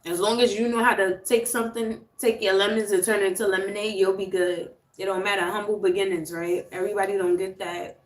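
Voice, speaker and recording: A woman's voice: mid-range voice, little pitch movement, a little fast. A woman, chatting casually with viewers on a livestream, laughing often and reading out names. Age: 30s. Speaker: livestream host. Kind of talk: casual live chat with viewers. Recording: roomy echo.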